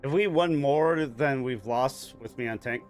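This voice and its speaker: A man's voice: medium pitch, measured pace, faint music behind. Profane, rambling man in his forties. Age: 40s. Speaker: gaming streamer. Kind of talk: casual chat while gaming.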